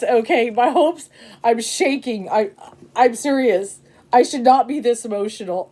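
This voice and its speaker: A woman giving a casual tarot reading to camera, emotional and excitable, rambling with many fillers and frequent "okay?" checks. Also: on the high side, a little slow. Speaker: tarot reader.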